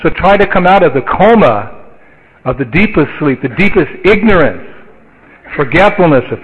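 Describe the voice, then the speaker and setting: A man's voice: on the high side, very animated, normal speed, slight background noise. A man giving a sermon in a conversational storytelling way, with the odd chuckle. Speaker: spiritual teacher. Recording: tinny phone-like line.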